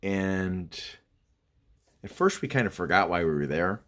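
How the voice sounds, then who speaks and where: A man spinning a spooky childhood tale in a loose, chatty way, often restarting and turning aside to the listener. His pitch moves around a lot as he builds the suspense. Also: expressive, unhurried, fairly bright tone. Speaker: storyteller. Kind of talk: casual spoken horror storytelling.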